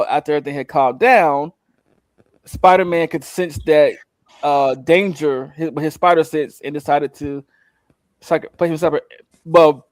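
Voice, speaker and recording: Co-host type, a man with a slightly raised voice, rambling and animated, close dry mic. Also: a little high, no echo. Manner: rambling, animated retelling with acted-out quotes. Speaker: co-host recapping a show. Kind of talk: casual podcast chat.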